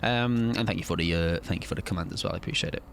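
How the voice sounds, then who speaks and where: A man's voice: low voice, racing, gravelly, slight background noise. A man streaming a game, reading out chat and rambling casually with swearing and laughs. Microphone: desk mic at his PC.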